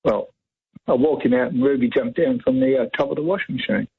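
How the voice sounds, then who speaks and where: A man's voice: mid-range voice, brisk, husky. An Australian man calling in to a radio show, rambling on and talking over the host. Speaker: caller. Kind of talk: phone-in radio chat. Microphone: telephone. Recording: tinny phone line.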